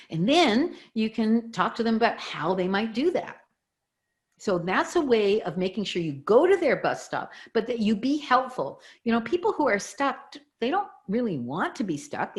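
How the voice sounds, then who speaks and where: A middle-aged woman, a communication expert, explaining her ideas as a guest in an interview and walking through examples. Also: lowish voice. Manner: animated, teaching with examples.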